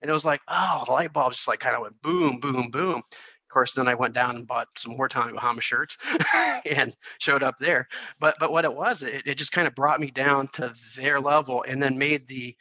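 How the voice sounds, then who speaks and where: Bright-voiced man telling an animated story. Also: medium pitch, moderate pace, dull audio. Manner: repeats words and restarts often, animated retelling. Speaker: podcast guest, accounting firm CEO. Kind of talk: storytelling in a casual interview.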